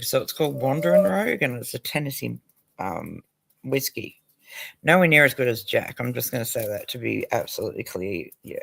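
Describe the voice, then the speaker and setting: A man's voice: medium pitch, vocal fry, fairly bright tone, no room sound. An Australian man hosting a casual livestream, talking crudely, swearing and laughing often. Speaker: livestream host.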